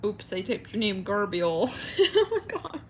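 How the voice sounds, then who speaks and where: A woman's voice: medium pitch, very animated, unhurried, a little hiss or hum. A woman hosting an astrology live stream, chatting in a rambling, giggly way with her viewers.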